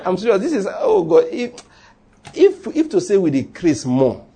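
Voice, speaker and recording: A man's voice: high voice, huge pitch swings, normal speed, creaky, mellow, slightly rough. A man preaching a sermon in a church, humorous and conversational, leading the congregation in call-and-response. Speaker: pastor.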